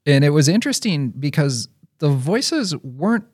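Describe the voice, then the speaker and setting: A man's voice: on the high side, very animated, moderate pace, husky. A man hosting a podcast in a casual, chatty way, laughing often. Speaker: podcast host. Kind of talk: casual chat.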